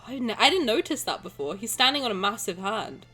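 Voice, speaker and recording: A young woman talks through a game stream in a playful, joking way, her slightly high voice leaping up and down. She keeps up a loose, teasing patter with her viewers and now and then bursts into excited shouting. Soft game music sits faintly underneath. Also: fairly quick, breathy edge. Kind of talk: casual game stream commentary.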